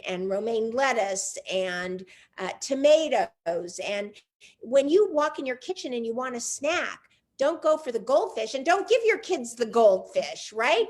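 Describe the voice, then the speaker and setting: An older woman hosting a conversational interview, playful and animated, drawing out key words slowly. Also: a little high. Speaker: host.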